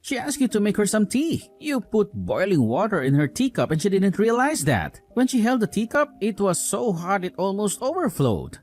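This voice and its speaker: A woman's voice: medium pitch, sing-song, moderate pace, hardly any pauses, darkish tone, soft background music. A woman voicing a young, hot-tempered husband loyal to his mother, talking in an accusing, scolding way. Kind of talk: dramatized story dialogue.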